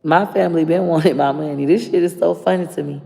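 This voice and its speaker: A woman's voice: deep voice, steady tone, fast talker, vocal fry, mellow. A woman with a Florida accent ranting bluntly and profanely to camera. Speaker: vlogger. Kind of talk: casual rant to camera. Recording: long reverb.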